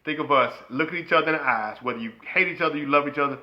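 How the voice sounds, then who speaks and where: A man co-hosting a marriage podcast, talking in a playful, preachy way with bursts of loud excited laughter. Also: a little high, racing, dull audio. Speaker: podcast co-host. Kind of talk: casual chat.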